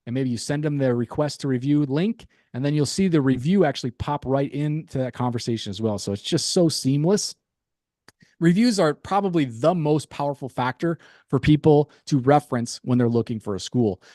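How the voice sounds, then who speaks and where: A man presenting a sales pitch on a webinar, upbeat, with light chuckles and casual asides. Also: warm tone, no echo, studio quality.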